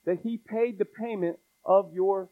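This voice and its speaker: A man's voice: high-pitched, a little slow. A man preaching a sermon, pressing the congregation with pleading rhetorical questions. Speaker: pastor. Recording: tinny phone-like sound.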